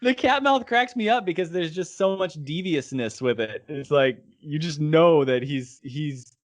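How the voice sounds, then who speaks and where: A man's voice: a little high, animated, a little slow. A man co-hosting a podcast in casual chat, mostly chiming in briefly and firmly correcting details. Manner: short agreeing interjections, firm on details. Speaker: podcast co-host.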